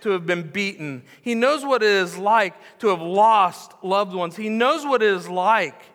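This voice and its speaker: A man preaching a sermon as pastor, telling the story with animation, repeating phrases for emphasis and dropping to hushed tones. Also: sits high, lively intonation, measured pace. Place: church sanctuary. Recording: long hall reverb.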